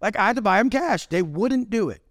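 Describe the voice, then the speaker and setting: Cocky guy swearing a ton, pitch jumping all over, fairly high voice, dry room. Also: lively intonation, a little fast, a bit bright, no echo. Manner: profane, brash, intense. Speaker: podcast guest. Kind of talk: casual chat.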